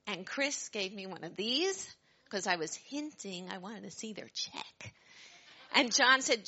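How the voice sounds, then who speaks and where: A woman's voice: mid-range voice, slow pace, lo-fi sound. A middle-aged woman telling her story to an audience, acting out the voices of the people in it. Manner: animated storyteller, acts out quoted voices loudly.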